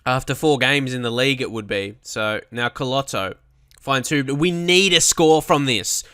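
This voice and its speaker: Excitable young man commentating his own game. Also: medium pitch, a little slow, dry recording, studio quality. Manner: excitable, swings into frustrated outbursts and swearing. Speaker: gaming commentator. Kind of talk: live match commentary while playing.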